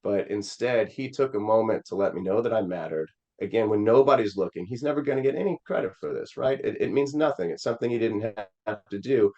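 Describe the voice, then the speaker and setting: Deep-voiced man telling an earnest story. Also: brisk, hardly any pauses, mellow, dull audio. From Missouri. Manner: rambling, earnest storytelling with many fillers. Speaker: Senate candidate, podcast guest. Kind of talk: personal storytelling in an interview.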